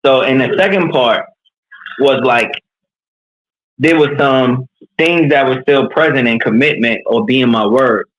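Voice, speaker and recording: A man's voice: mid-range voice, measured pace, highs cut off. Earnest man from New York coaching. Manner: earnest, animated storytelling. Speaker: leadership coach. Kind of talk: candid conversational interview.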